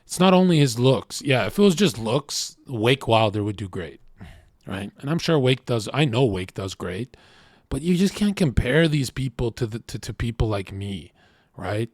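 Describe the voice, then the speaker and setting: A man streaming, telling brash, profane stories in an animated rant. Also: medium pitch, normal speed, no echo, clean studio sound. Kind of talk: livestream rant.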